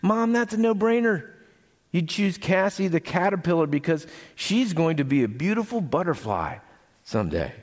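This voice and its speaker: A man's voice: sits high, big pitch swings, normal speed, a little mellow, voice pushed up. A man voicing a gloomy young boy elephant in a children's story read aloud, in a raised, pleading voice. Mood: eager guessing.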